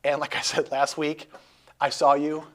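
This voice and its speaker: A man's voice: a little high, completely flat delivery, normal speed, a bit bright. A man hosting a casual interview chat, rambling and joking with lots of restarts. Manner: rambling, jokey, many restarts. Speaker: host.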